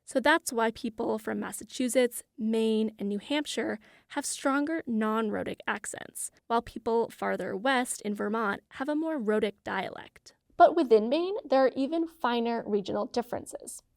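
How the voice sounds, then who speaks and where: A woman hosting and narrating a scripted explainer, with a clear, measured delivery. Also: on the high side. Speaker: host.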